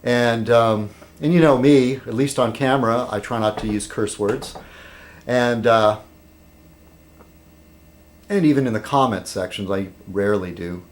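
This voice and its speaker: A man's voice: mid-range voice, measured pace, pauses often. A man vlogging in a rambling casual monologue, meandering and interrupting himself, with dry humor.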